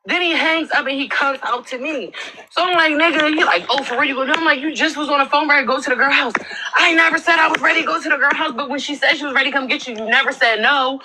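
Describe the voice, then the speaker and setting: Young woman mad and cussing, high voice, lots of noise under it. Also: fast, sharp tone, rough recording. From Baltimore. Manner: irritated, profane, repeats her grievance. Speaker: livestreamer in a couple argument. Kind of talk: heated argument.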